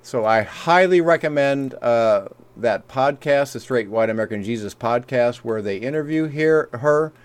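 A man's voice: mid-range voice, moderate pace, hardly any pauses, clear, resonant tone. A man co-hosting a podcast, chatting casually and rambling through a recommendation. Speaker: podcast co-host. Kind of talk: casual chat.

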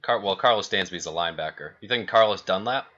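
Bright-voiced man on a lo-fi podcast. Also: low voice, fast talker. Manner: chatty, opinionated, rattles off stats. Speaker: podcast co-host. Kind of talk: casual sports podcast chat. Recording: dull lo-fi podcast audio.

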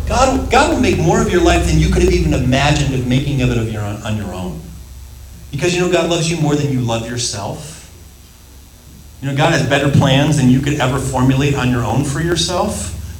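A man leading a Bible study, teaching in a lively way, laughing often and acting out the voices he quotes. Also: fairly high pitch, echoey room, poor audio.

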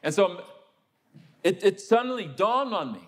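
A man preaching a sermon, telling a story and acting out the people in it, then turning quiet and low for a personal confession. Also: very animated, unhurried. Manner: storytelling, acts out the people he quotes.

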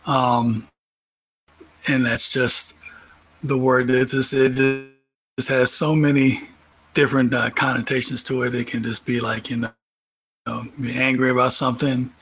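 A man from Georgia in the United States being interviewed, relaxed and rambling, laughing at himself. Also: medium pitch, measured pace, long pauses, breathy edge, low-quality recording.

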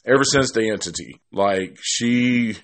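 A man's voice: lowish voice, measured pace, fairly bright tone. A man giving a casual, rambling film review, cursing freely and restarting his sentences often. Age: adult. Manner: rambling and profane, with many restarts. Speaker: movie reviewer.

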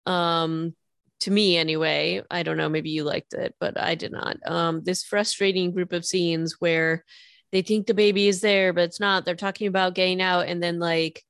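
A woman's voice: fairly low pitch, steady tone, moderate pace, gravelly, a bit bright, smooth, dry recording, studio quality. A woman co-hosting a podcast, recapping a TV episode in a chatty, incredulous way with plenty of fillers. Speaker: podcast co-host. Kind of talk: casual chat recapping a TV episode.

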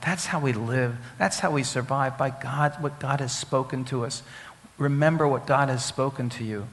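A man's voice: medium pitch, moderate pace. A man preaching a sermon as a rabbi, teaching Hebrew words, asking the congregation questions and repeating key phrases for emphasis. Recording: long hall reverb.

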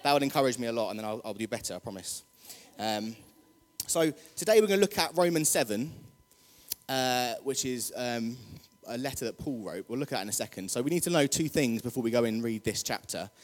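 A man's voice: medium pitch, animated, fairly quick. A man delivers a loose, humorous sermon, chatting with the crowd and getting them on their feet. His mid-range voice carries through a church hall with a long, lingering reverb. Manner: jokey, chatty, crowd-rousing. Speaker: preacher. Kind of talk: casual sermon.

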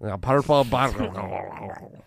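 A man's voice: on the low side, a little slow, creaky. A man co-hosting a podcast, playfully retelling funny videos in casual chat. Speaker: podcast co-host.

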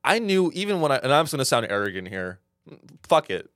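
A man's voice: medium pitch, very animated, fast talker, a bit bright, no room sound, studio quality. A young man co-hosting a podcast, talking bluntly and opinionated, swearing casually. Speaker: podcast co-host. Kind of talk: casual chat.

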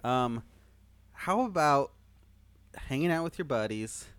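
A man's voice: medium pitch, animated, takes it slowly, a bit bright, clear, resonant tone, no room sound. A man co-hosting a podcast in casual, jokey chat, often trailing off mid-thought. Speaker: podcast co-host.

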